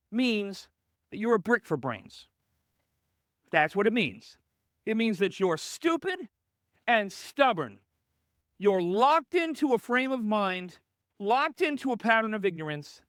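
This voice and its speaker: A man's voice: high voice, fairly bright tone, dry recording, clean studio sound. A male pastor preaching a narrative sermon, telling the story with energy and acting out the dialogue in changing voices.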